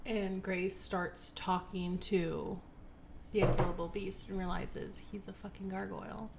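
A woman's voice: medium pitch, little pitch movement, measured pace, vocal fry, heavy background noise. A woman co-hosting a podcast, recapping a novel in casual chat, swearing freely and acting out the characters' lines. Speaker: podcast co-host.

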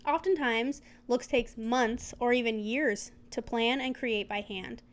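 A young woman with a smooth, clear voice that sits a little high, chatting as a co-host. She reads prepared notes aloud and breaks off into giggly asides. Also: unhurried. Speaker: podcast co-host. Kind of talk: casual chat, reading notes aloud.

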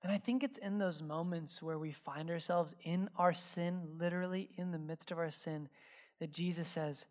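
Animated, chatty male preacher. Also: fairly high pitch, normal speed. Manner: casual, animated, filler-heavy delivery; drops to hushed, earnest tones when reflective. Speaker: pastor. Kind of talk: sermon with personal storytelling. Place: church sanctuary.

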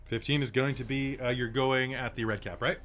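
A man running a tabletop game, narrating the action casually and rambling with fillers. His voice is bright and forward, at an ordinary pitch for a man. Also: fairly even intonation, fairly quick, soft background music. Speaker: game master.

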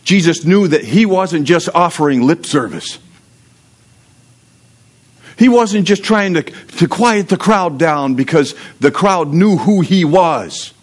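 A man with a slightly high, animated voice speaks at a slow pace. As pastor, he reads scripture aloud to his livestream congregation, then preaches a sermon in a conversational, joking way, mixing in prayer and humor.

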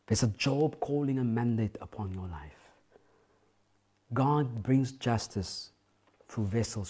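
A man preaching an impassioned sermon, often shouting, then dropping to a hushed intensity. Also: fairly low pitch, breathy edge.

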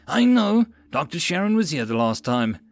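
A man's voice: a little high, big pitch swings, brisk, no echo, voice pushed up. A man voicing a panicky, scatterbrained male wizard scholar. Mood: frantic. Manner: panicky, breathless.

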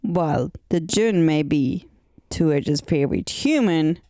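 A woman co-hosting a casual podcast, calmly talking through a comic's story. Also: deep voice, takes it slowly, dry recording, studio quality. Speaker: podcast co-host. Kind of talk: casual chat about a comic series.

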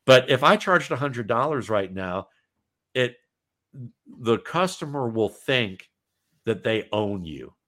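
A man's voice: mid-range voice, expressive, takes it slowly, pauses often, a bit bright. A talkative man chatting as a podcast guest, rambling with many restarts. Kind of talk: casual podcast conversation.

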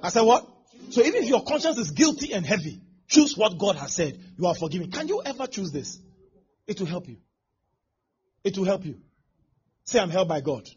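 A man's voice: sits high, very animated, normal speed, pauses often, darkish tone, husky. A male pastor preaching a sermon, acting out scenes with exclamations and laughter. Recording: dull lo-fi sound with faint background noise.

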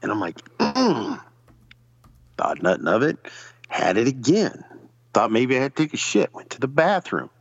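A man's voice: mid-range voice, sing-song, fairly quick, husky, dry recording, highs cut off. A man telling a long personal story in casual, profane chat, acting out other people's lines as he goes. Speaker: podcast guest.

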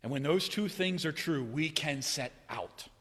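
A man preaching a sermon in a church, swinging between loud, raised cries and hushed, low passages. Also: animated, unhurried. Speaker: pastor. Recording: long hall reverb.

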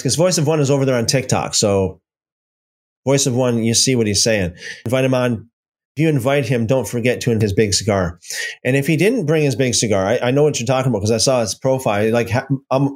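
A man's voice: medium pitch, a little fast, darkish tone. A man hosting a casual livestream, rambling and taunting, repeating himself as he reads viewer comments. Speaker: livestream host.

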